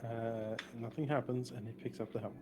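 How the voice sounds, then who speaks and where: A man running a tabletop game as dungeon master, describing scenes with frequent pauses and fillers. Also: mid-range voice, fairly even intonation, a little mellow.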